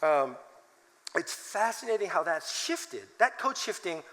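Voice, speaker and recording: A man in his forties giving an animated, self-mocking talk with laughs, also reading scripture aloud. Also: high-pitched, measured pace, long reverb tail, poor audio. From United States. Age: 40s. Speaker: conference speaker.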